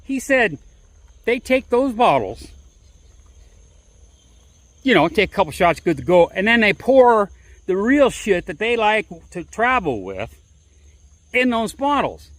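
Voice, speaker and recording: Animated, high-voiced man rambling on a walk. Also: measured pace, long pauses, dry recording. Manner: rambling, chatty, frequent 'right?' and restarts. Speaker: vlogger. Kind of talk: casual storytelling on a walk.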